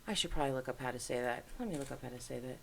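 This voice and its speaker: A woman's voice: extremely low pitch, very fast, vocal fry, fairly bright tone, a little hiss or hum. A middle-aged woman hosting, giving casual commentary while browsing on screen and musing aloud as she goes. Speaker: host.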